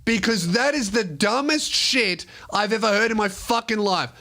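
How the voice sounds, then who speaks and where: A man's voice: high-pitched, normal speed, bright, forceful tone. A young Australian man, a comedian and podcast host, telling an exasperated, profane story as a comic rant. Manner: exasperated, profane, mock-polite quoting.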